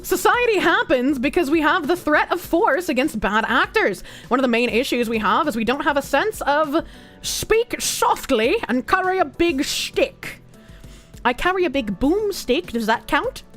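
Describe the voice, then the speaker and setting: Reading out donations during a casual livestream, a woman chats in a lively way, swearing freely, gasping now and then, and singing snippets. Her voice is high-pitched and unhurried, with faint music in the background.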